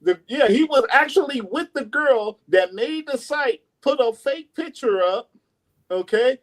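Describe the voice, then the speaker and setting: High-voiced man telling a rambling story. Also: lively intonation, unhurried, fairly bright tone. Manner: rambling, many fillers and restarts, chuckles. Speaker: guest artist. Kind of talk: casual storytelling.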